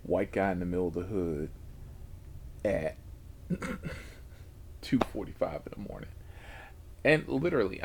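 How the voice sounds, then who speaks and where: A gravelly man hosts his channel, telling casual stories about driving for a ride service at a slow, drawn-out pace. His pitch swings up and down as he swears, laughs, and slips into whispered asides. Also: darkish tone. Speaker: rideshare driver and channel host. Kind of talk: casual storytelling to camera.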